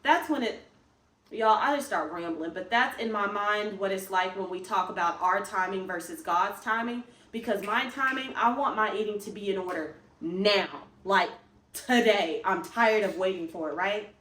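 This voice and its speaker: A young woman talks straight to her viewers in a loose, rambling vlog, emphatic and self-encouraging. Her voice sits at an everyday middle pitch. It rings around a roomy space, caught from some way off the mic. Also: normal speed, a bit bright, a little hiss or hum. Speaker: fitness vlogger. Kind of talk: casual vlog talk to camera. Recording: roomy, picked up from a distance.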